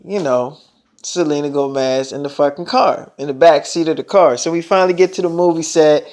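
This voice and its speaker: A young man spins a long story for his viewers in a casual vlog. His voice sits high for a man, and he talks emphatically and swears often. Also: a little mellow. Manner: profane, fast-talking, emphatic storyteller. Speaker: vlogger.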